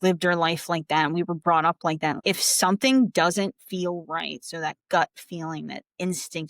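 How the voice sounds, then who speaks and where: A woman in her forties co-hosting a casual podcast, telling personal stories in an expressive, animated way as a coach. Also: lowish voice, no room sound, clean studio sound. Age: 40s.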